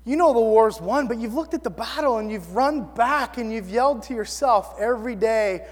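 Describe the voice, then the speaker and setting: A man delivers a sermon in a loose, chatty way, joking at his own corniness as he retells a story. His voice sits very high for a man. The sound carries a long reverb, like a large hall. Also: moderate pace, few pauses. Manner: casual, self-deprecating preaching with animated storytelling. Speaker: pastor.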